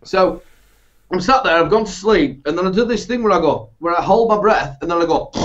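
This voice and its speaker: A man with a Yorkshire accent telling animated, sweary stories in casual chat. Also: sits high, normal speed. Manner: animated anecdotes, swears, laughs through stories. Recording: dull lo-fi sound.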